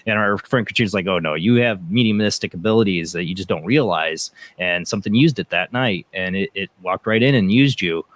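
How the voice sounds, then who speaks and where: Man, podcast host, rapid rambling talk, repeats words, dry close sound. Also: deep voice, fairly bright tone, no room sound. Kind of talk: casual radio show chat.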